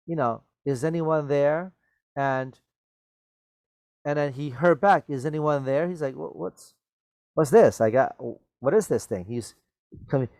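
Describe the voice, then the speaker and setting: A man's voice: mid-range voice, no echo. Man teaching English, checking in constantly. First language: Mandarin Chinese. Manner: explains words patiently, mixes in Mandarin, asks "okay?" and "right?" often. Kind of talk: vocabulary lesson reading a story aloud.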